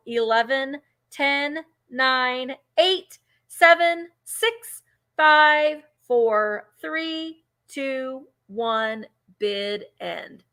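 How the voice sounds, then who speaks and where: A woman's voice: medium pitch, pushed and bright. A woman hosting a live vintage sale, chatting casually and counting down bids aloud. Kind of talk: casual live-stream selling chat.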